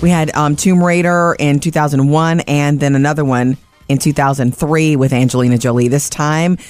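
A woman's voice: low-pitched, fairly even intonation, normal speed, darkish tone, no room sound, soft background music. A woman co-hosting a morning radio show, chatting upbeat about celebrity news. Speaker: radio show entertainment reporter. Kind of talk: casual morning radio chat.

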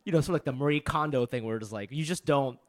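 A woman's voice: rumbling low, fast talker. A woman co-hosting a podcast, joking in casual chat and reading the show's ad. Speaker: podcast co-host.

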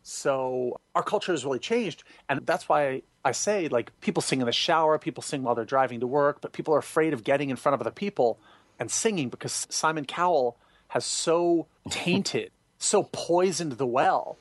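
Animated man telling stories, fairly high voice. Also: moderate pace, no echo. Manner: expressive, acts out quoted voices, pitch jumps high for emphasis. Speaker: guest, singer and former music director. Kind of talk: animated interview storytelling.

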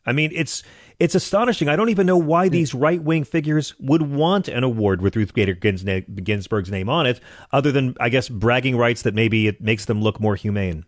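A man's voice: medium pitch, normal speed, no room sound, clean studio sound. A man hosting a casual political chat, sardonic and joking, laughing often.

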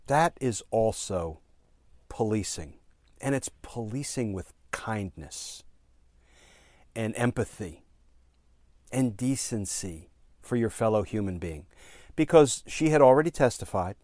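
Low-voiced earnest man telling a story. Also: lively intonation, a little mellow, dry recording. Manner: earnest, halting delivery with fillers and emphatic repetition. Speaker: former prosecutor. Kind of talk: storytelling commentary.

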